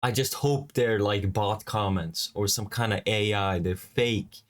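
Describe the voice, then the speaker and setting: A man's voice: on the low side, measured pace. A man hosting a reaction video, ranting in a rambling, heavily profane, agitated way with many restarts.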